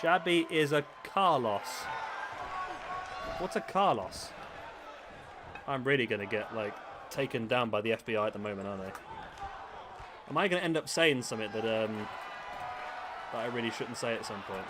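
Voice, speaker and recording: A man's voice: mid-range voice, lively intonation, moderate pace, pauses often. A young man streaming a wrestling game, chatting casually with his viewers in a self-mocking way. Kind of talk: casual live-stream chat and commentary. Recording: loud game crowd and background noise.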